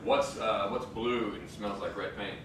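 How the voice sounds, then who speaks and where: A man's voice: lowish voice, fairly even intonation, unhurried, noisy background. A man trading stage banter with puns, then performing a rhythmic spoken-word poem. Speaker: slam poet performer. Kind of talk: stage banter and slam poetry. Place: indoor stage at a live venue. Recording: echoey hall from far off.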